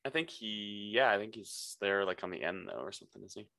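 Man, podcast guest, casual, halting, bright tense voice, dry sound. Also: fairly low pitch, expressive, gravelly, dry recording. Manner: halting, with repeated restarts. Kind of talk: casual chat.

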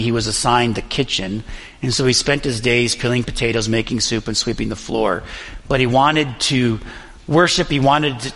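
Young pastor with a gravelly voice. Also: male voice, medium pitch, fairly bright tone, long reverb tail. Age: young adult. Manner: earnest, personal storytelling with frequent pauses. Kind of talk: sermon.

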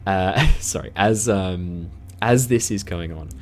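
A man narrating as game master of a tabletop game, animated and self-deprecating. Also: low voice, slow.

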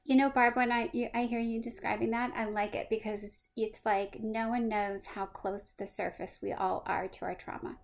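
A woman co-hosting a podcast, reflective and quick to laugh. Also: fairly high pitch, level tone, gravelly. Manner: reflective and warm, laughs easily. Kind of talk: interview conversation.

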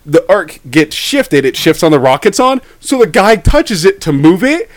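Animated, high-pitched joking man. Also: moderate pace. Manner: animated, swears freely, acts out gruff voices for characters. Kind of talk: casual comedic chat.

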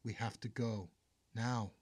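A man's voice: lowish voice, steady tone, takes it slowly, darkish tone, slightly rough, no room sound. A man voicing a determined teenage girl rebel in an audiobook, urgent and pleading. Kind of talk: audiobook character voice.

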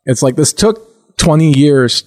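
A man's voice: on the high side, animated, unhurried. A man co-hosting a podcast, telling rambling stories in casual chat. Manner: rambling anecdotes with restarts. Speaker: podcast co-host.

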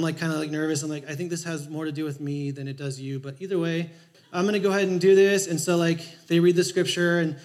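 A man pastor preaching a sermon, telling a personal story in a conversational, animated way and acting out his own thoughts. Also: a little high.

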